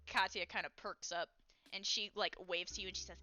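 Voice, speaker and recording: Chatty woman game master, bright voice. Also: medium pitch, steady tone, fairly quick, soft background music. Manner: casual, chatty, many fillers, laughs often. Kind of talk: narrating a tabletop game.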